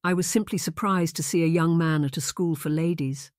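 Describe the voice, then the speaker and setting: A man's voice: on the high side, steady tone, a little fast, no room sound, studio quality, close to an everyday voice. A man doing a proud, polite young lady. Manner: polite, restrained. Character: proud young noblewoman, composed.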